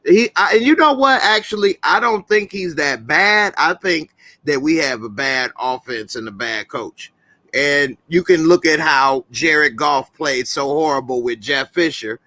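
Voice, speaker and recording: A man with a fairly high, bright, forceful voice hosts a call-in show. He argues his sports opinions in an animated, slangy way. The sound is dry and close, with no room echo. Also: unhurried. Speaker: host.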